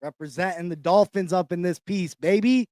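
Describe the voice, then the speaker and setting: A man hosting a casual sports podcast, talking in hyped-up slang and shouting out people in the chat. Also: high-pitched, normal speed, no room sound, clean studio sound. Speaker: podcast host. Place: New York.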